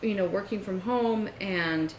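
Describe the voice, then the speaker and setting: Animated woman telling a story in an echoey room. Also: mid-range voice, unhurried. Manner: animated storytelling, acts out phone calls. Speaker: podcast co-host. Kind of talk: casual chat. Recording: echoey room with faint noise.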